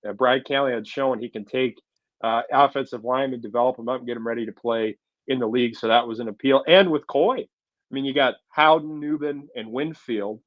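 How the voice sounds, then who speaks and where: A man with a medium-pitched voice co-hosts a sports podcast, analytically breaking down recruiting while using frequent fillers. The audio has no echo, and the highs are cut off.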